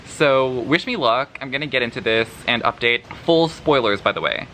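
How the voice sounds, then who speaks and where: A man's voice: medium pitch, expressive, normal speed, bright, forceful tone, a little hiss or hum. A man vlogging a book review, sarcastic and dramatic, swearing freely and laughing between remarks. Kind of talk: casual vlog review.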